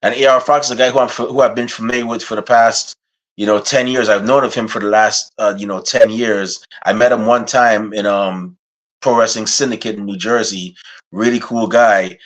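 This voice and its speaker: A man's voice: on the low side, steady tone, moderate pace. A man hosting a wrestling podcast, opening with a rhyming hype intro and then chatting casually and telling stories. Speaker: podcast host.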